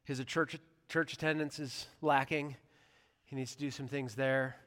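A man's voice: medium pitch, steady tone, measured pace, a bit bright, in a large hall. A man preaching a sermon as pastor, speaking in an earnest, conversational way in a church sanctuary.

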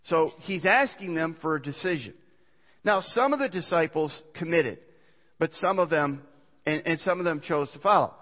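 A man's voice: fairly high pitch, lively intonation, moderate pace. A man preaching a sermon as pastor, earnest, reading scripture aloud with small restarts. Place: church sanctuary. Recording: muffled church recording with long reverb.

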